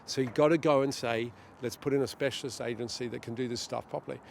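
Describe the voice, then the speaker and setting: A middle-aged man being interviewed outdoors, talking in an animated way and acting out what others say. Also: medium pitch, fast, gravelly, a little hiss or hum. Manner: animated, storytelling, acts out quotes. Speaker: guest, director of a global governance group. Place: outdoors near a street demonstration.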